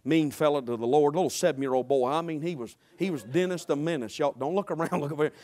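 A man's voice: a little high, fast talker, darkish tone. A man preaching a sermon as pastor, emphatic, repetitive and humorous.

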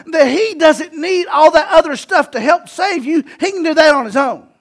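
A man, preaching a sermon emphatically and swelling to shouts. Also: very high voice, moderate pace, few pauses. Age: 40s. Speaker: pastor.

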